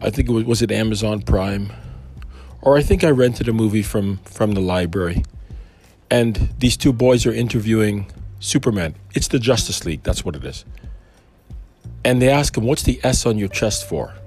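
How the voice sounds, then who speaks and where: A man's voice: fairly low pitch, moderate pace, a little mellow, soft background music. A man giving an informal Christian talk, wandering into conversational asides. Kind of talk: informal preaching.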